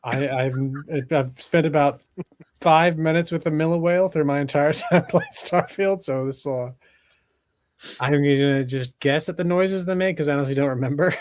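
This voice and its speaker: A man's voice: fairly high pitch, moderate pace, darkish tone. Hesitant apologetic man panelist. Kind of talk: casual podcast chat.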